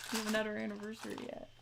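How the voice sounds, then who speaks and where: A woman's voice: mid-range voice, completely flat delivery, fast talker, creaky, noisy background. A young adult woman co-hosting a livestream, chatting in a rambling, casual way and reading out chat messages. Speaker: livestream co-host.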